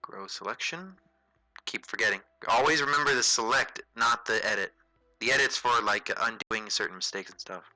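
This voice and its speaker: Bright-voiced man casually talking through a drawing. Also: on the low side, normal speed, dry recording, soft background music, low-quality recording. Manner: relaxed, chatty, thinks aloud with frequent fillers and self-corrections. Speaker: host of a drawing tutorial livestream. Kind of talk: casual livestream tutorial, narrating while drawing.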